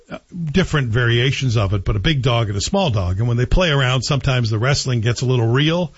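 A man from Canada hosting a talk radio show, delivering an opinionated, combative monologue that climbs in pitch as he gets worked up. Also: husky, no echo, dull audio. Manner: forceful, combative, rising pitch when worked up.

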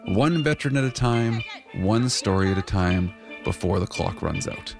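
A man's voice: lowish voice, expressive, moderate pace, over music. A man co-hosting a radio show, bantering in a jokey way and musing on ideas. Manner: upbeat, jokey, reflective.

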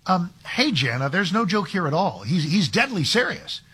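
Male talk radio host, husky, emphatic opinion delivery. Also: high voice, big pitch swings, moderate pace, fairly bright tone. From Texas. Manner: emphatic, with frequent restarts and asides. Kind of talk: conservative talk radio commentary.

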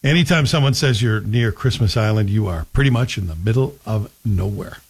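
On a morning talk radio show, a male host chats in a wry, self-mocking way. His voice is lowish with a breathy edge, and he talks fairly quickly in casual commentary.

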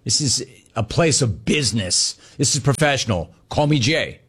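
A man's voice: mid-range voice, animated, moderate pace, slightly rough. A man voicing his strict older father, a businessman boss, with a firm, scolding manner. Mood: stern.

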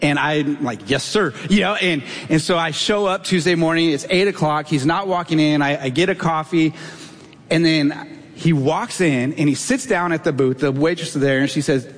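A man in his twenties or thirties preaching a sermon as pastor, telling a story with lively acted-out quotes. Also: a little high, normal speed. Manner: animated storytelling, acts out quotes in a raised voice. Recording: long reverb of a hall.

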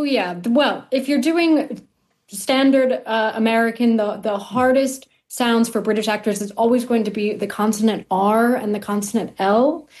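Female dialect coach, clear and explanatory, mid-pitched. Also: a little mellow. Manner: articulate, explanatory, some fillers. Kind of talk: interview answers.

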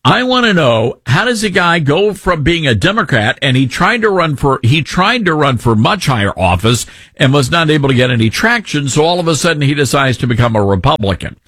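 Man, Southern accent, talk radio host, sarcastic rant, husky, lively pitch. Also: a little fast, hardly any pauses, no echo. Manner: sarcastic, ranting, animated.

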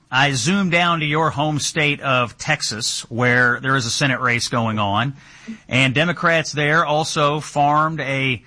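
A man's voice: medium pitch, pushed and bright. A man hosting a political talk show, sardonic and punchy. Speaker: host.

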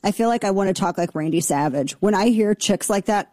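A woman hosting a political talk show, riffing in a brash, sarcastic, fast way. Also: medium pitch, a little mellow, dry recording.

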